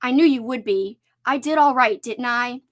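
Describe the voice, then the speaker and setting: A woman reading aloud the lines of a loving, gentle father, in a warm and reassuring fatherly manner. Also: very high-pitched, normal speed. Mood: tender. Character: loving, gentle late father at his porch.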